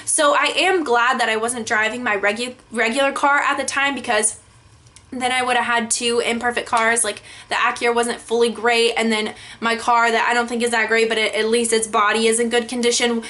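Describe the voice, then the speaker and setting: A young woman vlogger tells a story to her camera in an animated, exasperated way, with frequent swearing and many filler "likes". Her voice sits high and sounds bright. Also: fairly quick. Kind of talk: storytime vlog.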